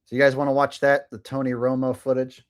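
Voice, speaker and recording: A man's voice: mid-range voice, monotone, brisk, clear, resonant tone. A man hosting a live stream, chatting sarcastically with viewers and rambling between topics. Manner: sarcastic, rambling, talks to chat. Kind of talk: casual live-stream commentary.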